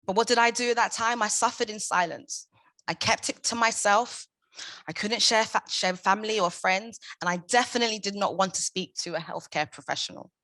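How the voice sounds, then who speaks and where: A woman's voice: medium pitch, brisk, sharp tone, no room sound. A young adult woman giving a prepared conference talk, impassioned and emphatic, driving her points home with rhetorical questions. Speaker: conference speaker, founder of a maternal support group.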